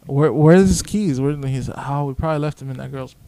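A young man on a podcast tells a long story in a laid-back, profane way, acting out both sides of the conversation and quoting himself a lot. His mid-range voice is brisk with a dark tone.

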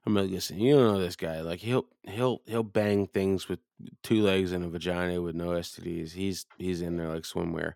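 A man's voice: deep voice, steady tone, normal speed, vocal fry, darkish tone, no room sound, clean studio sound. A man casually telling a crude, profane story on a podcast, animatedly acting out his friends' lines.

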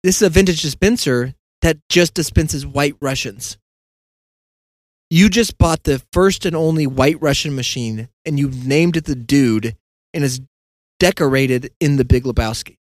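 Rambling man with a slightly high voice. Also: measured pace, no echo. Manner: meandering, self-deprecating, acts out quoted dialogue. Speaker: podcast host. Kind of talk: casual rambling monologue.

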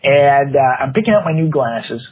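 A man's voice: medium pitch, animated, moderate pace, slightly rough, no room sound. A man in his fifties co-hosting a podcast, telling a long story in casual chat with lots of fillers and frequent laughter. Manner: rambling, laughs often, many fillers. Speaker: podcast co-host. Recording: tinny phone-like podcast audio.

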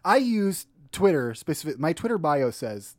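A man's voice: a little high, very animated, moderate pace, darkish tone, no echo, clean studio sound. A man co-hosting a podcast, joking around and telling rambling stories in a laid-back way. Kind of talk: casual storytelling chat.

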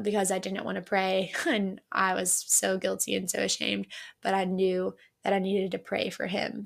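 A young woman tells her testimony in an earnest, halting way. She restarts sentences often. Her voice has a gravelly fry and stays flat in pitch. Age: young adult. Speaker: podcast guest. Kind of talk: personal testimony.

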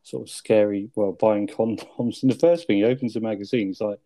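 A man's voice: steady tone, fairly quick, warm tone, no echo. A man co-hosting a casual chat about a sitcom episode, laughing often and acting out lines. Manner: laughs often, acts out lines in squeaky voices. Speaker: podcast co-host.

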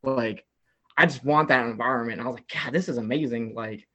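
A young man from the American South telling an excited story in casual chat, filling his talk with "like" and acting out what people said. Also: medium pitch, fairly quick. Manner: excitable storyteller, heavy "like" filler, acts out quotes. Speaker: guest telling a travel story.

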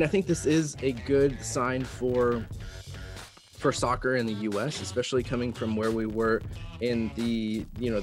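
A young man in casual chat, measured and hedging, with lots of ums and you-knows. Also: medium pitch.

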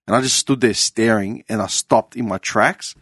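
A man's voice: fairly low pitch, moderate pace, a bit bright, breathy edge, no echo, studio quality. An Australian man hosting a podcast, telling laid-back stories with casual swearing. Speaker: podcast host. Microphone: studio mic.

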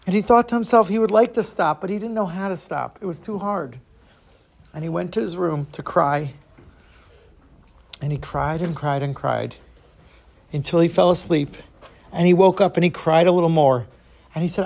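Expressive man telling a children's story. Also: on the high side, creaky, husky. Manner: expressive, dramatic pauses.

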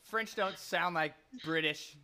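A man co-hosting a comedy podcast, chatting casually with quick jokes and puns. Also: on the high side, over a noisy crowd. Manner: quick, joking, punning. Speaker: podcast co-host.

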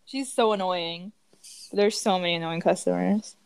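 A woman's voice: lowish voice, normal speed, creaky, clean tone. A young woman co-hosting a podcast, chatting casually and acting out customers in quoted voices, with lots of "like" fillers. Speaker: podcast co-host. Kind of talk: casual chat.

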